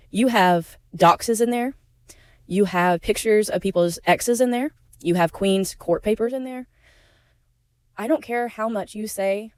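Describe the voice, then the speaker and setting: A woman's voice: mid-range voice, a little mellow, no room sound. A woman giving blunt, indignant opinion commentary, emotional and outspoken about being a victim herself. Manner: indignant, blunt, swears when upset. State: emotional, near tears at times. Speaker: YouTube commentary creator.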